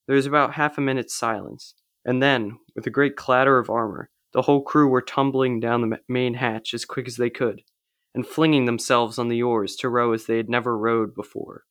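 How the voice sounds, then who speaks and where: A man reading a story aloud during a church service, even and reflective. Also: mid-range voice, normal speed, dry recording, clean studio sound. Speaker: liturgy reader.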